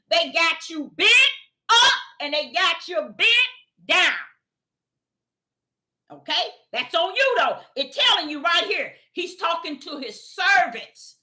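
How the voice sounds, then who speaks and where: Woman preacher, high and bright, loose animated sermon that swings from loud to quiet. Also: measured pace. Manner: animated, swings between shouting and murmuring, addresses listeners as y'all. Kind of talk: informal sermon teaching.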